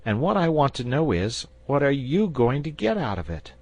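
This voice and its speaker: A man voicing an eager young boy who talks pushy and blunt, pitched well above his own voice. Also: very animated, moderate pace, darkish tone, no echo, lo-fi sound. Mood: insistent.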